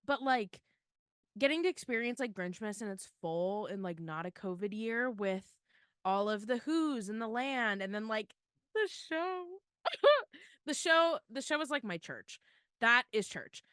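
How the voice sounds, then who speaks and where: This young woman from Florida co-hosts a podcast, chatting casually and gushing with tearful excitement, her speech full of "like." Her medium-pitched voice is clear and resonant, captured in studio quality with no room sound.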